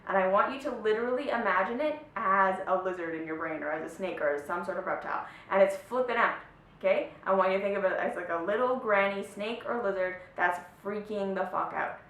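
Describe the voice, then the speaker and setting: A woman's voice: a little fast, fairly bright tone. Woman coaching, echoey room. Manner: earnest, often adds "right?" and "okay?". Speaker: self-help coach. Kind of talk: motivational talk to camera. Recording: echoey room, slightly distant mic, faint rumble.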